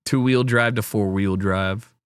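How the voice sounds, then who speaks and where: A man's voice: on the low side, steady tone, a little slow, smooth, no room sound, clean studio sound. A man streaming casual reaction commentary, rambling and swearing with a wry, offhand manner.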